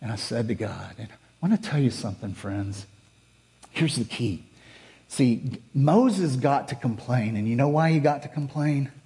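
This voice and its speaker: A middle-aged male pastor preaching a sermon, telling a personal story earnestly, rising to fervent and dropping to hushed. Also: mid-range voice, animated, a little slow.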